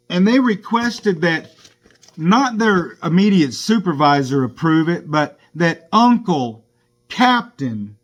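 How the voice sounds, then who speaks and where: High-voiced man with an indignant, slow account. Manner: indignant, aggrieved storytelling. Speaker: rideshare driver. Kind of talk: first-person account to camera.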